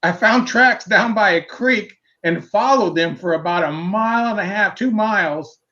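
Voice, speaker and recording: High-voiced man on dull lo-fi audio. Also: normal speed, pushed and bright. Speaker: round table guest. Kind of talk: casual personal account.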